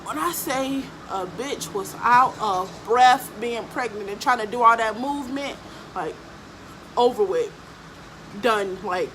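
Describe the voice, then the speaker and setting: A woman's voice: a little high, measured pace, a bit bright, slight background noise, low-quality recording. A young adult woman telling a personal story for her vlog, blunt and profane, with lots of fillers. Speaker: vlogger.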